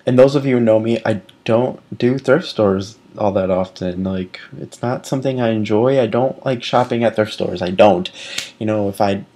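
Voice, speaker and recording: A man's voice: fairly low pitch, moderate pace, warm tone. A young man in his twenties talking candidly in a casual personal vlog, rambling with many fillers and restarts. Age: 20s. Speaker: vlogger.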